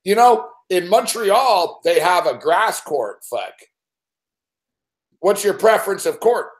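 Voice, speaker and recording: A man's voice: high-pitched, expressive, slow pace. A man hosting, teasing his co-host with profane, laughing banter. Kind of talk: casual banter.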